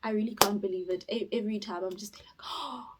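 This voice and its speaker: A young woman from South Africa chatting casually on her vlog, rambling and expressive, with sudden loud bursts and whispered asides. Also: mid-range voice, fast, noisy background. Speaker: YouTuber. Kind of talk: casual chat.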